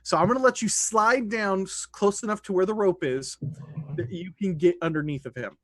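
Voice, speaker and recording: A man's voice: high-pitched, moderate pace, dry recording, studio quality. A man running a tabletop game as dungeon master, narrating loosely with restarts. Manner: loose, conversational rulings with restarts.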